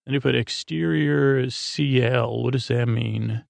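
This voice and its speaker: A man hosting a podcast and giving a casual, halting recap full of fillers, meant to lull listeners to sleep. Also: gravelly, no echo. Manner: halting, filler-heavy, low-key mumbling. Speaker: podcast host.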